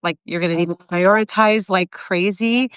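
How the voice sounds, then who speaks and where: A woman's voice: mid-range voice, normal speed, fairly bright tone, clear, resonant tone, dry recording, clean studio sound. A woman in her forties in casual, reflective chat, rambling with many fillers and restarts. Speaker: co-host of a live video chat.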